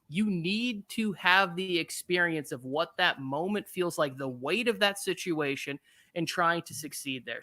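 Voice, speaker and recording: A man hosting a live sports watch party, talking in an animated, opinionated way over a video call. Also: high voice. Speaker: show host. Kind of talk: casual sports chat on a live stream.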